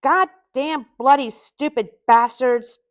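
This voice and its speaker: A woman's voice: fairly high pitch, very animated, a little slow. A woman reading a story aloud and voicing a flustered, apologetic man in a raised, emphatic way. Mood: angry.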